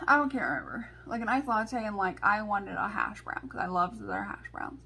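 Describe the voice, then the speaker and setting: A woman's voice: medium pitch, expressive, fairly quick, few pauses, sharp tone, a little hiss or hum. A young woman vlogger telling a story and doing a makeup tutorial, with chatty talk full of fillers. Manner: chatty, filler-heavy with many "like"s. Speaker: beauty vlogger.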